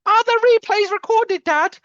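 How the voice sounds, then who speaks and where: A whiny child keeps pestering in a shrill, exaggerated squeak, as a man puts the voice on. The sound is dull and lo-fi, dry and close. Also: unhurried, a bit bright, dry recording. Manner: high, nagging, exaggerated.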